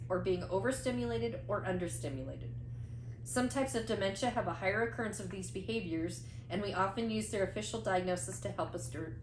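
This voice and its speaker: A woman health educator narrating a scripted explanation, speaking in a measured way and listing items one at a time. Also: medium pitch. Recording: echoey room with faint background hum.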